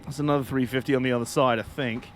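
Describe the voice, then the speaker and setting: A man giving excitable, jokey, mock-outraged live commentary while streaming a game. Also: medium pitch, fast talker, a little hiss or hum.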